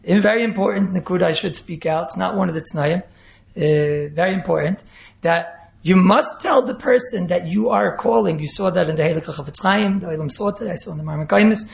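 A man's voice: sits high, fairly quick, gravelly. A man with giving an informal Torah lecture as a rabbi, rambling, chuckling, and mixing in Hebrew and words. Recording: roomy, dull lo-fi recording.

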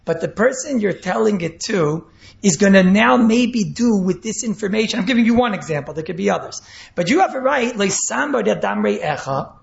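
Animated man teaching in an echoey room. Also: high voice, a little fast, gravelly. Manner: animated, mixes Yiddish and Hebrew terms, repeats key phrases. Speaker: Torah teacher. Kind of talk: Torah class lecture. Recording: echoey room, dull lo-fi sound.

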